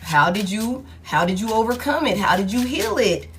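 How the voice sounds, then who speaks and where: A woman doing a collective tarot reading, swearing freely and speaking with emphatic, animated energy. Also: mid-range voice, normal speed, a little hiss or hum. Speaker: tarot reader.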